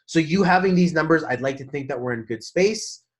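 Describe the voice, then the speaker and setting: A man's voice: a little high, lively intonation, fairly quick. A man hosting a live stream as a numerology reader, upbeat and effusive, greeting viewers by name and speaking in spiritual, motivational phrases. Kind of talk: live-stream chat with viewers, giving readings.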